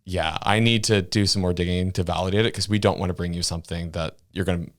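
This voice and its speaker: A man with a very low voice talks through ideas in relaxed, easygoing podcast chat and laughs often. The sound is close and dry, with no room around it. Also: fast talker, dry recording. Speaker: podcast co-host. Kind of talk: casual political chat.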